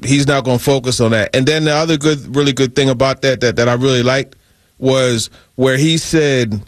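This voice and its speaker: A man co-hosting a sports radio show, talking basketball in an animated, emphatic way and often repeating his words. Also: medium pitch, moderate pace, no echo. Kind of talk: casual sports talk.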